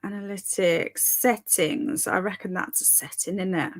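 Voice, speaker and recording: A woman's voice: mid-range voice, steady tone, a little slow. A young woman hosting a live stream, chatting casually and reading viewer comments aloud in a giggly, bemused way. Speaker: livestream host.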